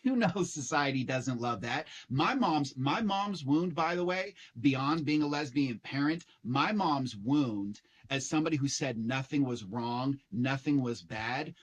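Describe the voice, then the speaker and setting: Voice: medium pitch, expressive, measured pace, hardly any pauses, slightly rough, muffled recording. A co-host in a casual conversation who chimes in with short agreements and sometimes speaks at length.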